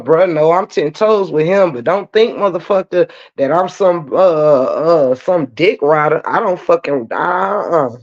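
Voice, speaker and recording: A man, hosting his own channel and roasting critics in a profane, taunting, drawn-out sassy rant. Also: a little high, darkish tone. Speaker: channel host. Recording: dull lo-fi stream audio.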